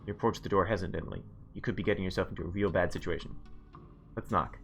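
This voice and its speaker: A man's voice: low-pitched, quick pace, faint music behind. A man streaming a video game, reading its narration aloud with relish and making playful comments. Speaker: let's play streamer.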